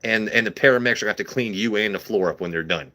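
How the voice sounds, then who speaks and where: A man's voice: fairly low pitch, very fast, pushed and bright. A young man hosting a casual whiskey livestream, joking crudely and answering his chat as he pours.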